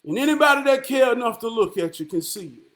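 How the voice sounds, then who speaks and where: A man's voice: extremely high pitch, animated, fast, fairly bright tone. A man delivering an impassioned monologue, emphatic and profane, firing off rhetorical questions and tagging "man" onto his lines. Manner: repeats "man" as a filler.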